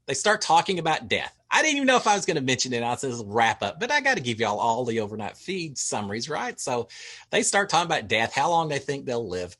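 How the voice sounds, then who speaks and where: A man with a Texas drawl talks casually through an overnight recap. His delivery is chatty, with frequent filler words and wry asides. His pitch sits in the middle of the usual range for a man. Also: huge pitch swings, fast, sharp tone. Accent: Texan. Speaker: show recap host.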